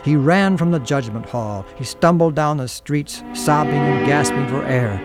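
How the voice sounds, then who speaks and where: A man's voice: on the high side, moderate pace. Earnest male storyteller over music. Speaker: narrator. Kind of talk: scripted radio drama narration. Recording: music underneath.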